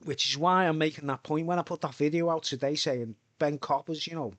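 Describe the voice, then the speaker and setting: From home, a middle-aged livestreamer chats casually in a brisk voice on the high side. He rambles, curses, and laughs a lot, and the recording has no room sound.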